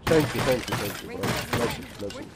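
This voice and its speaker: A man streaming a shooter game, commentating in a panicky, excitable way and swearing often. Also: fairly low pitch, fairly quick, heavy background noise. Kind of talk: live gameplay commentary. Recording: loud gunfire over the voice. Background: game gunfire and explosions.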